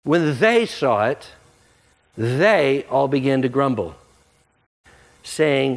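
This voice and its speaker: Pastor preaching a casual, animated sermon with a very lively voice. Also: male voice, medium pitch, slow pace, creaky, pauses often. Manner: animated, conversational, jokey.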